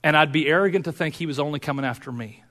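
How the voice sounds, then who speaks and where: Earnest pastor preaching in a reverberant hall. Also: male voice, fairly high pitch, racing. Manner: earnest, shifting from fervent to quiet and personal. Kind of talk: sermon. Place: church sanctuary.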